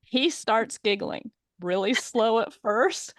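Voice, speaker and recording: High-voiced, animated woman storyteller. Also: slow pace, dry recording, studio quality. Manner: animated storyteller, laughs often. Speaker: guest, courage coach. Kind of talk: telling a funny story on a video call. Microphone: video call.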